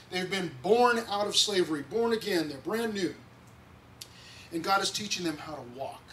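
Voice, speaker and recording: A man's voice: high-pitched, pushed and bright. A man preaching a conversational sermon to a church congregation, sometimes acting out quoted voices. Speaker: pastor. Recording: distant mic with faint noise.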